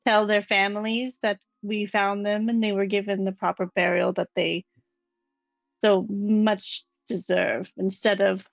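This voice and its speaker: A woman voicing a calm adventurer in a tabletop role-play, thoughtful and measured, pausing to weigh her words. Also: mid-range voice, vocal fry, no echo, highs cut off, soft background music. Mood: earnest. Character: calm, reasoning adventurer offering counsel.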